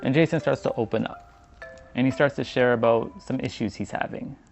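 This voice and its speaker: Gravelly-voiced man telling a story. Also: mid-range voice, fairly quick, faint music behind. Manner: slangy, animated storyteller acting out dialogue. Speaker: vlogger narrating a story. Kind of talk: casual storytelling voice-over.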